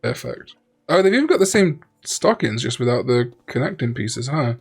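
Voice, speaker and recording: A man's voice: medium pitch, big pitch swings, normal speed, vocal fry, slightly rough. A man chatting and joking casually as co-host of a Let's Play. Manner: chatty, joking, rambling asides. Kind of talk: casual gaming chat.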